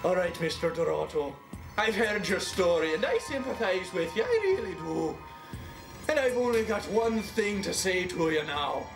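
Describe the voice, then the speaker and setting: A man's voice: high-pitched, big pitch swings, gravelly, music in the background, voice pushed up, full character voice. A man voicing a flippant stereotyped Irish man in a parody sketch, with an overdone fake Irish accent. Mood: mock-solemn. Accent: exaggerated fake Irish accent. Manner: dodges questions, breaks into a slow sentimental song.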